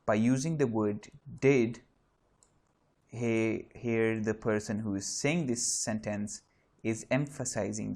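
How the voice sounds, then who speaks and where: A man with a lowish voice teaches an English grammar lesson online. He explains each point step by step, pausing with fillers and restarting his sentences as he goes.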